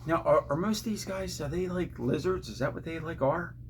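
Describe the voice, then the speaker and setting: A man co-hosting a casual unboxing chat, full of curious questions. He reads numbers off cards in an unhurried way, his voice sitting a little high. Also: a little hiss or hum. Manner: curious, asks many questions, reads card stats out slowly. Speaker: co-host of a card unboxing stream.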